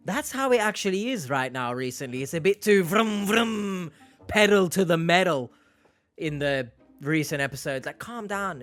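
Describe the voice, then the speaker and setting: A man's voice: a little high, a bit bright. A man giving casual, sarcastic reaction commentary with joking asides. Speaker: reaction video host.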